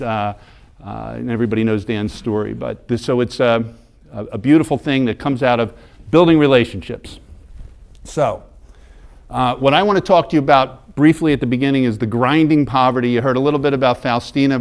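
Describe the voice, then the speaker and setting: A middle-aged American man talks to a parish audience in a church. He tells his story in a loose, conversational way, repeating and restarting words as he goes. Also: medium pitch. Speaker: mission group leader giving a parish talk.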